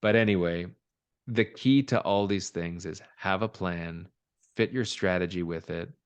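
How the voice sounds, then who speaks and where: A man's voice: low-pitched, unhurried, clear, resonant tone, no echo. A man co-hosting a real estate podcast, chatting casually with a joking, self-deprecating manner. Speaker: podcast co-host, realtor. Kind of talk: casual chat.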